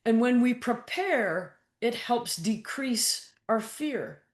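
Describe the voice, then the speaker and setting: In a fairly high, animated voice, a woman guest speaks slowly, with a roomy sound around her. As a mental toughness coach in a casual interview, she's blunt and frank, voicing her inner thoughts as quotes and occasionally cursing.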